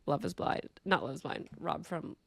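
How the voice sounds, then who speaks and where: A woman's voice: low voice, normal speed, vocal fry, dry recording. Emphatic woman podcast host, dry sound. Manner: emphatic, swears often, animated retelling. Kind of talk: casual chat.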